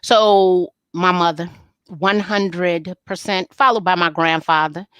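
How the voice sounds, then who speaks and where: A middle-aged woman, an interview guest, telling family stories candidly and acting out the dialogue with lively, folksy humor. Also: on the low side, takes it slowly, clear, resonant tone, dry recording. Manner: animated, folksy storyteller who acts out family dialogue. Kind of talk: candid storytelling in a live interview.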